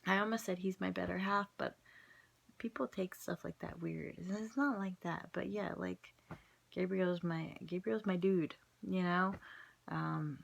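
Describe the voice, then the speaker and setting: Gravelly woman telling a rambling story. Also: on the low side, fairly even intonation, unhurried, dull audio. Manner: rambling, laughing, self-mocking. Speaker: vlogger. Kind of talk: casual storytelling.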